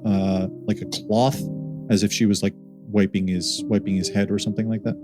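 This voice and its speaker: A man with a fairly low voice narrates a tabletop game as dungeon master. His delivery is casual and halting, full of fillers, and faint guitar music plays underneath. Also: level tone.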